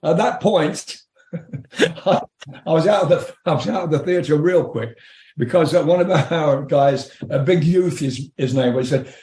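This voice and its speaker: An older English man with an English accent tells blunt, profane anecdotes and laughs through them. His voice sits a bit high. The call audio sounds roomy, as if he is in an echoing room. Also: moderate pace, darkish tone. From England. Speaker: guest rock singer. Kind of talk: storytelling interview.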